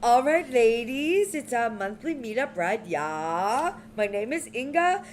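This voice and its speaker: A woman's voice: fairly high pitch, very animated, slight background noise. A woman putting on a sing-song Swedish Inga. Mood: cheery. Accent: mock Swedish. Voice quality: slow, sing-song, breaking into laughter.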